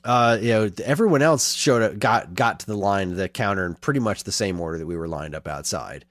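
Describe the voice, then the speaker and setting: Low-voiced man telling a rambling story. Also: brisk, no room sound. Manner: rambling storyteller, animated in retelling. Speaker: podcast co-host. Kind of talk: casual podcast chat.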